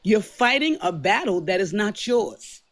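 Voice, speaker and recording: A woman in her fifties calling into a livestream, speaking in a slow, emphatic, lecturing way. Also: mid-range voice, big pitch swings. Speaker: caller. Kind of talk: earnest livestream commentary.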